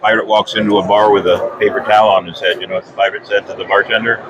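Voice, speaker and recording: A man hosts a podcast in a folksy, chatty way and likes corny pirate jokes. His voice is on the low side. He is recorded outdoors with loud convention noise all around. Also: little pitch movement, quick pace. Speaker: podcast host. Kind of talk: casual interview chat. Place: outdoors at a busy fan convention.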